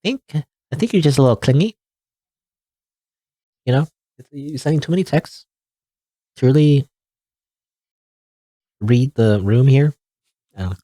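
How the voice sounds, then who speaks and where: A man's voice: medium pitch, expressive, unhurried, long pauses, dark tone, dry recording, clean studio sound. A young adult man hosting a let's play, giving casual, rambling commentary on a visual novel. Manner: rambling, filler-heavy.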